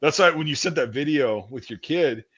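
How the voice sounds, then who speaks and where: A man's voice: fairly high pitch, lively intonation, normal speed, a bit bright, husky, muffled recording. A man in his thirties hosting a casual chat, telling stories with a rambling, profane manner. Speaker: podcast host.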